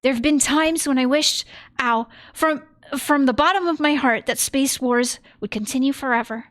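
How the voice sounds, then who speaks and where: A woman's voice: sits high, moderate pace, no room sound, clean studio sound, voice pushed up. A woman doing an anime schoolgirl voice. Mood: earnest. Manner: bright, sing-song anime cadence. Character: earnest anime schoolgirl recalling childhood games. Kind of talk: reading in-game diary in a put-on voice.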